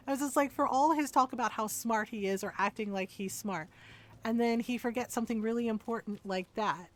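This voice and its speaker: A fairly high-pitched woman talks casually to her stream while she plays. She is animated and quick to laugh, and she rants freely in between. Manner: chatty, animated, laughs often, ranting asides. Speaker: gaming streamer.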